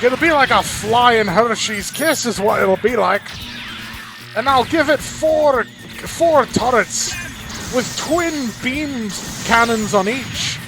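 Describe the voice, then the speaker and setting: A man putting on a zany Scottish engineer. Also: full character voice. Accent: put-on Scottish. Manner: manic, boastful, shouting pitch. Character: zany Scottish male engineer, boastful and gruff.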